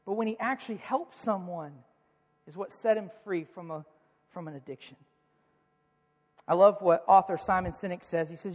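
A man preaching a sermon as pastor, swinging between loud emphatic peaks and hushed, quiet questions. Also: normal speed, pauses often. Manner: rises in pitch and volume for emphasis, drops to quiet asides. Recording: hall reverb.

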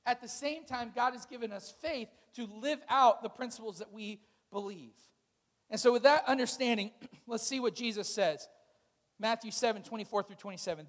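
Male pastor, very high voice, relaxed conversational sermon with call-and-response, long hall reverb. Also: moderate pace. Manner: casual, conversational preaching with congregation call-and-response.

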